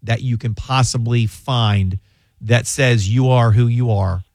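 A man's voice: medium pitch, fairly even intonation, measured pace, a little mellow, no room sound. A middle-aged man hosting a radio call-in show, giving advice in a rambling way with many fillers and repeated words. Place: radio studio. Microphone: studio mic.

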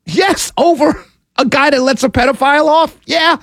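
A man's voice: extremely high pitch, moderate pace, a bit bright, dry recording, studio quality. A man giving ranting commentary to his audience, exasperated and incredulous, often stammering and laughing in disbelief. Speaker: political commentator.

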